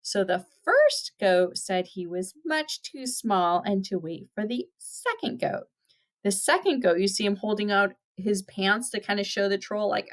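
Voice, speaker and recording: A woman teacher reading a picture book aloud to children, pausing to point out the pictures and explain words. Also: medium pitch, animated.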